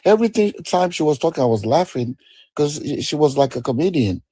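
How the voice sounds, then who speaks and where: A man's voice: fairly high pitch, big pitch swings, brisk, mellow, slightly rough, no room sound. A man on a live debate stream, speaking in an indignant, repetitive, rambling way.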